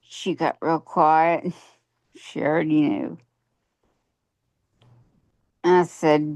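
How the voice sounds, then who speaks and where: A woman's voice: deep voice, little pitch movement, extremely slow, pauses often, darkish tone, no echo. A woman telling a personal story in a coaching session, earnest and plain-spoken, acting out what people said. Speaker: coaching client.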